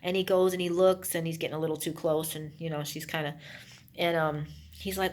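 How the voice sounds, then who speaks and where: A woman's voice: on the low side, steady tone, brisk, slight background noise. A woman casually retelling a movie's plot, rambling with emphatic asides to her listeners. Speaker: movie reviewer.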